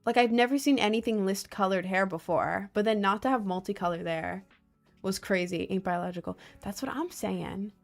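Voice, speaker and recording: A woman's voice: medium pitch, normal speed, vocal fry, faint music behind. A young American woman chatting casually on a live stream, answering chat with sarcastic jokes and frequent laughter. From United States. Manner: joking, sarcastic, laughs often.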